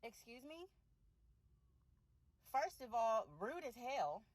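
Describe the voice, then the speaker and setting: A woman with a high voice tells her story with open exasperation. The recording is dry and close, with no room echo. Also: lively intonation, slow pace. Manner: indignant, exasperated. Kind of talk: retelling a personal story.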